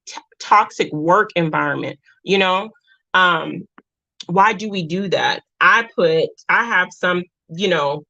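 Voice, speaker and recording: Woman, live-stream host, earnest and emotional, lower voice, dull lo-fi audio. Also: pushed and bright. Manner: earnest, repeats herself, reads viewer comments. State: emotional, close to tears. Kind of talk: casual live-stream talk.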